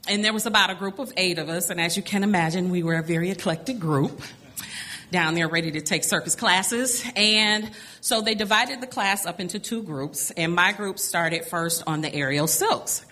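Middle-aged woman, live storyteller, bright and forceful tone, animated, quick to laugh. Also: on the low side. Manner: animated, laughs often between lines.

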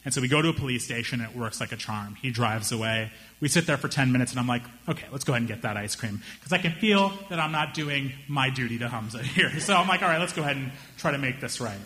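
A young man doing stand-up storytelling, animated and acting out the people in his story with raised voices. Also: medium pitch, fast talker, hardly any pauses. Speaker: stand-up comedian.

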